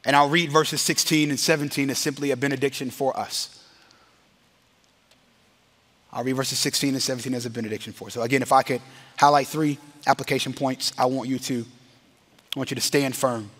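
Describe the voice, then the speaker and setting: A man preaching a sermon to a congregation in a chapel, energetic and quick to laugh at himself, stretching out the words of a solemn benediction. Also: medium pitch. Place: chapel or hall with a live audience.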